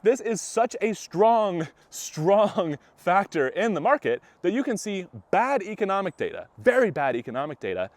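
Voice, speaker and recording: A man's voice: high voice, no room sound. Breathless man vlogging on a walk. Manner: chatty, animated, laughs often mid-sentence. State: out of breath while walking. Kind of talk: walking-and-talking vlog commentary. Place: outdoors on a walk.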